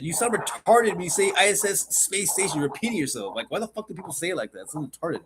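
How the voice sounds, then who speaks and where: Rambling high-voiced man on a podcast. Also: lively intonation, fast talker, few pauses, a little hiss or hum. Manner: rambling, stammering restarts, swears a lot, gets worked up. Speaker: podcast co-host. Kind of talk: casual profane podcast chat.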